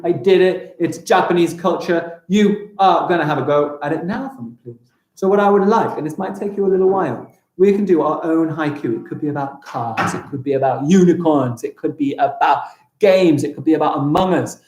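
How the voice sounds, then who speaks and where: Man, primary teacher, encouraging, enthusiastic, slightly high voice, echoey classroom. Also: expressive, darkish tone. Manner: enthusiastic, encouraging, reads lines slowly aloud. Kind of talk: live-streamed lesson.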